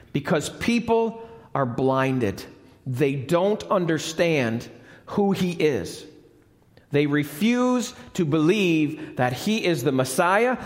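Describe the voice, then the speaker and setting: Guy preaching in church, pretty high voice, repeats himself a lot, asks the crowd stuff, long echo in the hall. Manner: emphatic, repeats key phrases, asks the congregation questions. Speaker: pastor. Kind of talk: sermon. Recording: live church recording with long reverb.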